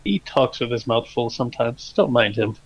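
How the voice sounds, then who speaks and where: A man's voice: mid-range voice, animated, normal speed, no room sound, muffled recording. A man playing in a tabletop game, joking and chatting in character with wry remarks. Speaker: player. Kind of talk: casual in-character chat.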